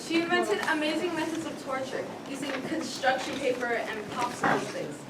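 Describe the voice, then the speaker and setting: A woman's voice: high-pitched, fairly quick. A woman narrating a stage play in the second person with dramatic, wry storytelling. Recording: echoey stage, far mic, loud noise.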